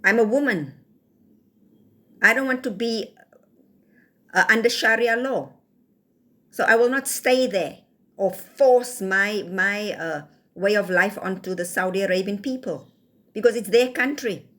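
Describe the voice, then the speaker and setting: A woman's voice: medium pitch, measured pace, long pauses, bright, forceful tone. A woman with a South African accent, ranting and lecturing in a scolding, rhetorical way in a casual vlog. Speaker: vlogger. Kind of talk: casual rant to camera.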